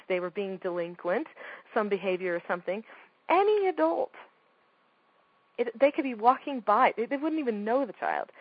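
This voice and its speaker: A woman's voice: fairly high pitch, husky, dry recording, dull audio. A woman giving a talk on parenting, speaking emphatically and firing off rhetorical questions. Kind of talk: talk to an audience.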